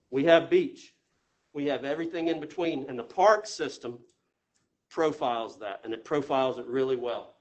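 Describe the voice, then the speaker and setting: A man giving a jokey, folksy orientation presentation to a room of new staff, checking in with the audience as he goes. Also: on the high side. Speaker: state parks presenter. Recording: echoey room, voice from far off.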